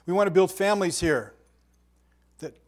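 Older male pastor, chatty animated sermon, voice sits a bit high. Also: normal speed. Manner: animated storytelling with sound effects and asides.

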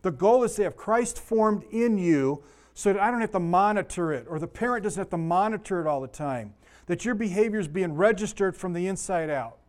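A man's voice: high voice, lively intonation, brisk, a little mellow. A middle-aged man teaching a Bible lesson in a conversational way, full of stories and asides, his voice a little sore. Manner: conversational, digressive, with anecdotes. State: slightly sore voice.

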